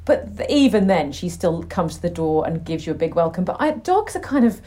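A middle-aged woman chatting as a podcast guest, an animated storyteller. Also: mid-range voice, brisk, few pauses. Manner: chatty, animated storyteller, acts out her dogs' voices. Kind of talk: casual chat.

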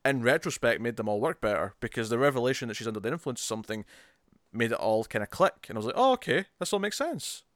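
A man's voice: medium pitch, very fast, a bit bright, dry recording, studio quality. A man co-hosting a casual comic book review podcast, talking with enthusiasm and acting out characters' lines as he retells scenes. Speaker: podcast co-host.

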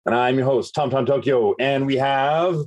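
A man's voice: mid-range voice, normal speed. A man co-hosting a podcast, chatting in a laid-back way and swearing freely. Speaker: podcast co-host. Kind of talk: casual podcast banter.

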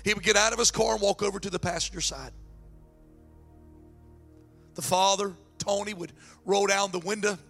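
A man preaching a sermon and telling a story, excitable and repeating words as he builds up, his throat strained. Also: high voice, normal speed, pauses often, faint music behind. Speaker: pastor.

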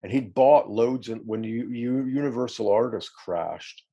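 A man's voice: medium pitch, a little slow, gravelly, mellow, breathy edge, muffled recording. A middle-aged man, a musician being interviewed, telling rambling, self-deprecating stories with frequent laughs. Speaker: musician guest. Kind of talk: casual anecdotal interview.

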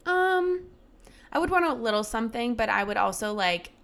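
A young woman co-hosting a casual podcast, trading quick quips and reactions. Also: fairly high pitch, sing-song, vocal fry, a bit bright. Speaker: podcast co-host.

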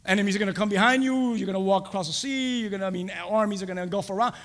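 A man preaching a sermon as pastor, swinging from loud, shouted lines to hushed whispers. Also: high voice, rapid-fire, hardly any pauses. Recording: long hall reverb.

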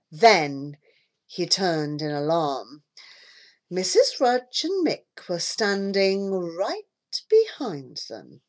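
A woman reading a children's story aloud, with a lively, expressive delivery. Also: on the low side, drawn-out words.

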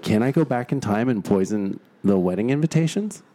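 A man's voice: lowish voice, expressive, fairly quick, dark tone. A man in casual podcast banter who jokes crudely and laughs often.

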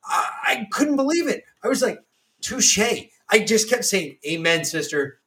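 A man's voice: very high voice, animated, moderate pace, a bit bright. A man in his forties telling a story casually on a podcast, profane and laughing as he goes. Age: 40s. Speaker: podcast co-host.

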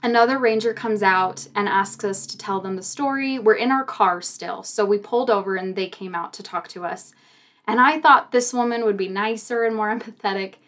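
A young woman telling a personal story in a casual chat, animated and laughing often. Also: medium pitch, moderate pace.

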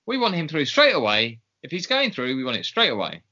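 A man's voice: on the high side, wildly swooping pitch, brisk, bright, forceful tone. A man co-hosting a podcast in casual chat, talking in a chatty, hesitant way with many ums. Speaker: podcast co-host. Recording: slightly dull lo-fi sound.

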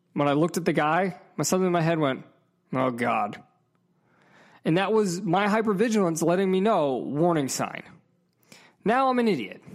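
A man in a casual, profane storytelling rant, emphatic and heated, with frequent asides to the viewer. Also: on the high side. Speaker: vlogger.

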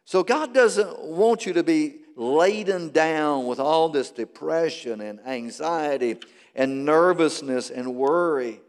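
A man preaching a sermon as pastor, swinging between loud peaks and quiet asides. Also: fairly high pitch, slow pace. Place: large church hall. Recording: long reverb of a big sanctuary.

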